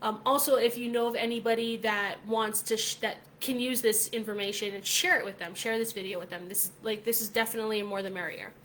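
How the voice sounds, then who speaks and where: Chatty woman vlogger, fairly high voice. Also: quick pace, hardly any pauses, a little hiss or hum. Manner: chatty, animated, many "like" fillers. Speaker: vlog host. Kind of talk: casual storytelling vlog.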